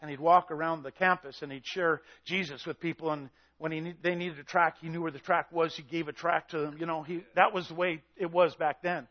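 A man preaching an intense, shouted sermon who acts out the voices in his story. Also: fairly high pitch, fairly even intonation, a little fast, hardly any pauses, highs cut off. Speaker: pastor.

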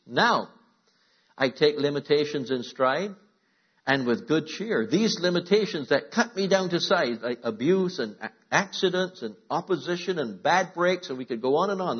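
A man preaching a sermon to a congregation, calling out to the room and moving between loud emphatic lines and quiet asides. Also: fairly high pitch, lively intonation, normal speed, husky, muffled recording. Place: church.

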